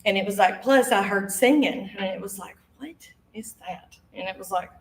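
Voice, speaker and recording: A woman's voice: medium pitch, brisk. A woman, telling a ghost story live to an audience, acting out the voices and laughing often. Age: 50s. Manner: lively, acts out quoted voices, laughs often. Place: studio stage before an audience. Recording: echoey room.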